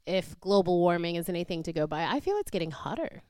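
A woman's voice: on the low side, big pitch swings, quick pace, a little mellow, dry recording, clean studio sound. A woman co-hosting a podcast in casual chat, loose and chatty, laughing often. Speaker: podcast co-host.

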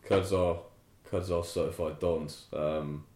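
A man tells a travel story in a loose, laid-back way, peppering it with "like" and swearing. His voice sits very low. The room around him is echoey. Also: steady tone, slow pace, a little mellow. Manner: laid-back, swears a lot, heavy use of "like". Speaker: podcast guest telling a travel story. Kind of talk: casual storytelling chat.

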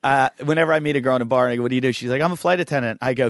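A man's voice: medium pitch, racing, dry recording, studio quality. A man, a comedian guest, telling stories in casual chat and acting out the voices of people he quotes. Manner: acts out quoted voices, swears freely. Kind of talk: casual podcast chat, storytelling.

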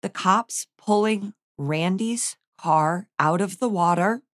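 A woman's voice: mid-range voice, takes it slowly. A woman co-hosting a casual TV recap chat. She is chatty and quotes her own reactions with dry jokes. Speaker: podcast co-host.

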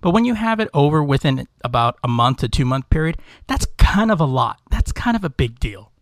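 A man's voice: a little high, big pitch swings, brisk, dry recording. A man co-hosting a podcast, chatting loosely with lots of fillers and casual swearing. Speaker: podcast co-host. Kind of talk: casual chat. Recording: dry close mic.

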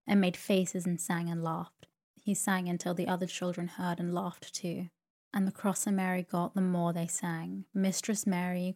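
A woman narrating a sleep story in a slow, soothing reading voice. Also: fairly low pitch, a little mellow.

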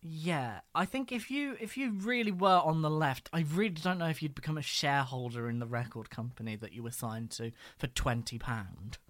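A man's voice: fairly high pitch, moderate pace, few pauses, fairly bright tone, dry recording. A man co-hosting a podcast, rambling casually with exasperated asides. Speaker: podcast co-host. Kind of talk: casual chat.

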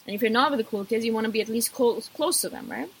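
A woman's voice: on the high side, fast, husky, poor audio. A woman vlogger talking casually to camera, emphatic and repetitive, addressing her viewers directly.

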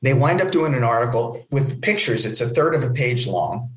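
A man from New Jersey, a guest, telling anecdotes in an animated way and acting out other people's lines. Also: medium pitch, normal speed. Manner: lively storyteller who acts out other people's lines. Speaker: comic book film producer and guest. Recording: echoey room.

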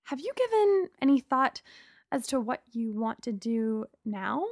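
A woman voicing a caring, worried middle-aged mother who speaks warmly and with concern. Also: fairly high pitch, sing-song, measured pace, dry recording, studio quality. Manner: warm and concerned.

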